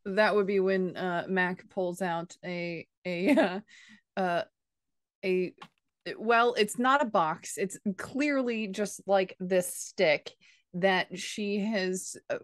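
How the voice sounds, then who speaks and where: A woman describing her character's actions in a tabletop role-playing game, halting and searching for words. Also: mid-range voice, dry recording, studio quality. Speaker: player. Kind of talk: casual tabletop role-play.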